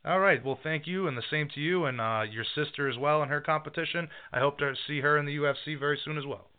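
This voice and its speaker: A man's voice: fairly high pitch, fast talker, smooth, no room sound. A man hosting a fight-sport talk show, chatting casually and rambling a little as he corrects himself. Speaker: podcast host. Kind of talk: casual chat. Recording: tinny phone-like line.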